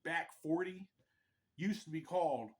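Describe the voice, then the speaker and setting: A man from Pennsylvania telling a personal ghost story in a rambling, animated way, often tacking on "right?". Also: fairly high pitch, unhurried.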